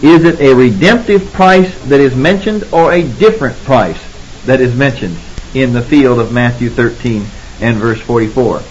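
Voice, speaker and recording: A man giving an expository Bible lecture, measured and deliberate, pausing to stress key words. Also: mid-range voice, highs cut off. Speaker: Bible teacher.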